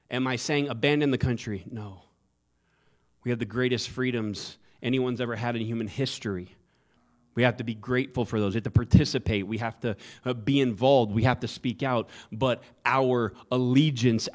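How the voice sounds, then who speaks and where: A man's voice: mid-range voice, darkish tone. A man preaching a sermon in a conversational way, with joking asides to the congregation. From American South. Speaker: pastor.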